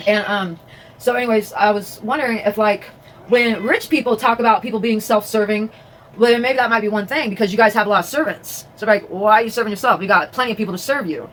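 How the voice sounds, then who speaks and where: A woman's voice: medium pitch, fast talker, a bit bright, slight background noise, poor audio. A woman vlogging casually from her home, chatting in a rambling way with many fillers and restarts. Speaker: vlogger and crafter. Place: at home, indoors.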